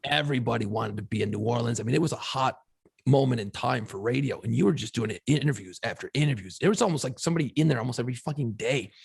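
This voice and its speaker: A middle-aged man co-hosting a podcast, a former radio DJ telling profane, animated stories in casual chat. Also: medium pitch, fast talker, vocal fry, slightly rough.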